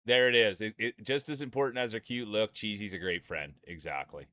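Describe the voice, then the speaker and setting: A man with a fairly low voice calls marble races on a live stream. He rambles between jokes and often laughs. His tone stays loose and playful as he reads out the racers. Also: fairly quick, sharp tone. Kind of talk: casual live-stream commentary and banter.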